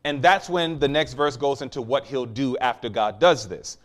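A man's voice: medium pitch, moderate pace, fairly bright tone. A man preaching a sermon, teaching with emphasis and asking the listeners questions.

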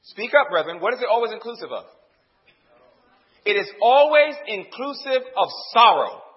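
High-voiced preacher with a lively swinging delivery. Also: male voice, moderate pace. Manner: calls out questions to the congregation and waits for answers; swings from loud emphatic lines to low hushed ones. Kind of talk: sermon. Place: church service before a congregation. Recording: dull lo-fi sound.

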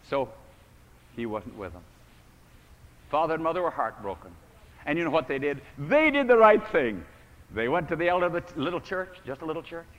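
A man with a fairly high, lively voice tells a sermon story, dropping to a hush and then rising to near shouts as he acts out the scenes. The sound carries a long reverb, as if recorded in a large hall. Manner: dramatic, acts out quoted voices with big swings in volume. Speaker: preacher.

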